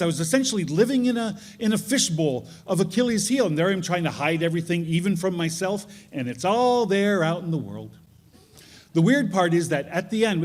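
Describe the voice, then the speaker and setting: A man telling a self-deprecating personal story on stage at a live storytelling event, chatty and laughing at his own jokes. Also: high-pitched. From northern New York.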